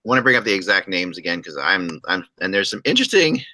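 A man's voice: low-pitched, very animated, quick pace, bright, forceful tone, low-quality recording. A man hosting a casual hockey podcast, rambling and joking with frequent restarts. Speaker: podcast host.

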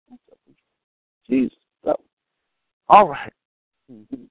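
A man preaching a sermon in an animated, humorous way, calling out to his congregation. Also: a little high, a little slow, creaky, long pauses, breathy edge, no echo. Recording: thin phone-like sound, dry.

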